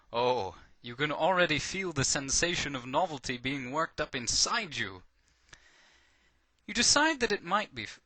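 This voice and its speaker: A man reading a comic short story aloud in a playful, animated way. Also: mid-range voice, no room sound. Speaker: narrator.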